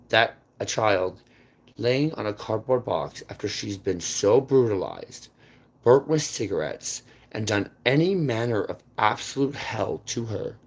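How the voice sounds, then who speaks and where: Intense rambling man, husky voice. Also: on the low side. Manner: intense, jumps between topics, repeats words, emphatic swings in loudness. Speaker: channel host. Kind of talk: rambling unscripted monologue to camera.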